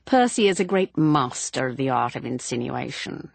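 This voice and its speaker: A woman narrates an audiobook in a measured, expressive way. Her voice is low and husky with a lively pitch range, and the recording is dry and close. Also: no room sound. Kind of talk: scripted narration.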